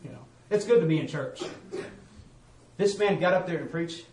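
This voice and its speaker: A man preaching a testimony sermon and calling out to the congregation, switching between loud bursts and hushed asides. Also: on the high side, normal speed, reverberant, distant mic, slight background noise, poor audio.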